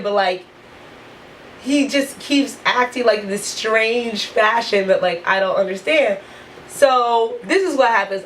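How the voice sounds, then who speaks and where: High-voiced, profane storytelling woman. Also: slight background noise, rough recording. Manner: animated, profane, heavy use of "like". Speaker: vlogger. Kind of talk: storytime vlog.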